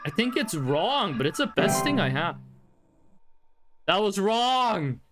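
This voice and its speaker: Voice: medium pitch, big pitch swings, slow pace, over music. A streamer casually talking through a game at home, thinking aloud and chatting with the audience.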